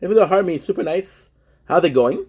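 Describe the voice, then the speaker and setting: A man's voice: high voice, expressive, normal speed, dark tone, husky. A young man with a Québécois accent, chatting casually on a livestream while eating, switching between French and English and greeting viewers.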